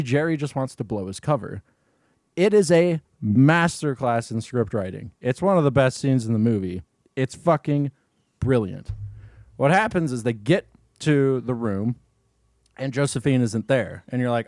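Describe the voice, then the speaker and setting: A man's voice: medium pitch, expressive, normal speed, darkish tone, no room sound, studio quality. A man co-hosting a film podcast, retelling a plot casually with lots of swearing and laughter. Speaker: podcast co-host.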